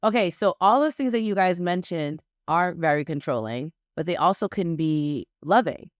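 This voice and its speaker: A woman hosting a podcast in casual chat, talking with animated, emphatic energy and quick laughs. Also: lowish voice, dry recording, clean studio sound. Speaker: podcast host.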